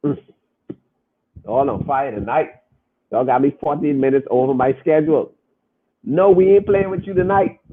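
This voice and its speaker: Hosting a podcast, this man uses a somewhat high voice at normal speed, leaving long pauses. His casual talk to listeners is emphatic, with phrases repeated as he argues his point, all heard through thin phone-line sound.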